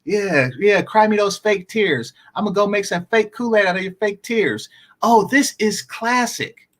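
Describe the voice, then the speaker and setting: A man's voice: sits high, normal speed, a bit bright. A man hosting a live stream, reacting to a clip with gleeful, sarcastic commentary.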